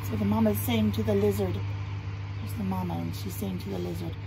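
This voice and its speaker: A woman preschool teacher leading circle time from her porch, speaking gently and sing-song, asking the children questions. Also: medium pitch, fairly even intonation, fairly quick, vocal fry. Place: front porch outdoors. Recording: outdoor traffic and rain noise. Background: passing trucks and rain.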